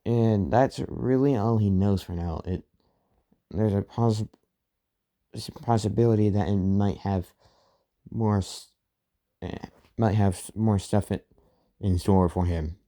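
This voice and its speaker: Slow, dark-voiced man rambling through a story. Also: on the low side. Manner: rambling, full of "and, yeah" fillers and restarts. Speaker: fan fiction storyteller. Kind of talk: casual story retelling.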